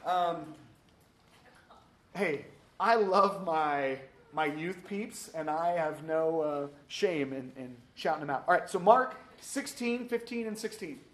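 A man's voice: on the high side, takes it slowly, fairly bright tone. A man teaching a Sunday school class, upbeat and joking as he calls on readers. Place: church classroom.

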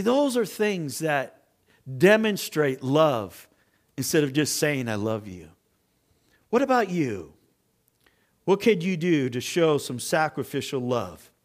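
Middle-aged pastor guy preaching, kinda high voice, acts out the stories, gets loud and emphatic. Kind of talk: sermon.

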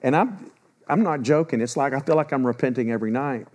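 A man in his sixties preaching a sermon, emphatic, swinging between loud urgency and low, grave warnings. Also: expressive, fast talker. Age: 60s.

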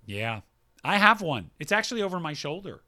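A man co-hosts a relaxed chat show and reads out listener mail, breaking in with quick comments of his own. His voice sits a little high and sounds bright and forceful. His pitch rises and falls a lot, so he sounds animated. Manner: reads emails aloud with asides, animated. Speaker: podcast co-host reading listener mail. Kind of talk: casual chat.

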